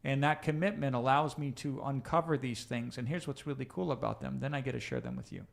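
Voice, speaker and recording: A man's voice: medium pitch, fairly even intonation, fairly quick, creaky. A man hosting a live coaching session, talking casually and straight to his listeners, often checking in with "right?" and restarting his sentences as he thinks aloud. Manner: conversational, addresses listeners directly with tag questions; frequent restarts and fillers while thinking aloud. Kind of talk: live-streamed coaching talk.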